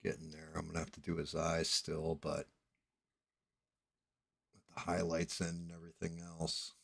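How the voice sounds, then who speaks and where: A man with a deep, low voice chats loosely on a livestream as he paints. He rambles through stories, swears without a second thought and mutters quietly to himself over the work. The sound is dry and close, with no room around it. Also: moderate pace, vocal fry, husky, no room sound. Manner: swears freely, mutters to himself while working; relaxed, rambling storytelling. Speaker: livestream host. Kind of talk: casual chat while painting.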